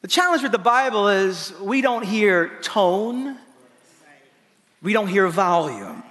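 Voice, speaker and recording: A male pastor preaching a sermon in an animated, playful way, acting out the lines he quotes. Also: high-pitched. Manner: animated, playful preaching with laughs and voiced asides. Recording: long hall reverb.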